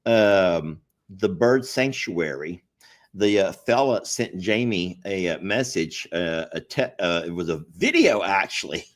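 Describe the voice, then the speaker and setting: A man's voice: low voice, animated, measured pace. A middle-aged man telling stories in casual chat, rambling and laughing often. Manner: rambling storyteller, laughs a lot, does voices in quotes. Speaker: co-host.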